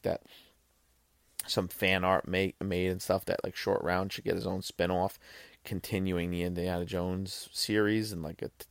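Gravelly-voiced man reviewing films, swearing freely. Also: low-pitched, no echo, studio quality. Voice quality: swears freely, rambling with restarts. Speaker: podcast host. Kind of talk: casual film review monologue.

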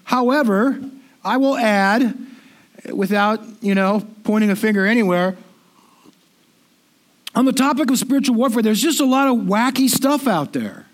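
A man's voice: sits high, normal speed, pauses often. A middle-aged man giving a sermon in a conversational, self-deprecating way, often repeating himself. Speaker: pastor.

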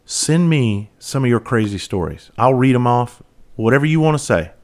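A man's voice: mid-range voice, normal speed. A middle-aged man hosting a podcast, telling rambling, profane stories about his years in police and fire work in a casual monologue. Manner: profane, rambling and animated, with frequent restarts. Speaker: podcast host, former police officer and firefighter.

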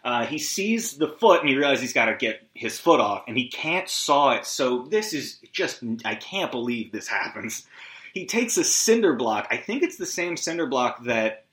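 A man's voice: mid-range voice, big pitch swings, normal speed, fairly bright tone. A man hosting a solo movie recap podcast, rambling and scattered, swearing often and making self-deprecating asides, on a lo-fi recording. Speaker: podcast host. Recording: lo-fi echoey room.

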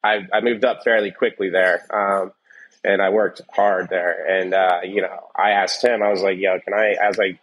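Low-voiced man telling a rambling story. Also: flat delivery, moderate pace, lo-fi sound, a little hiss or hum. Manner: rambling, many fillers and quoted dialogue. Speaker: chef, guest. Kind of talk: casual storytelling interview.

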